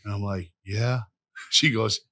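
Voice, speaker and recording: A man with a fairly low voice speaks unhurriedly, telling profane, rambling stories with animation during a casual podcast interview. The audio is studio quality with no echo.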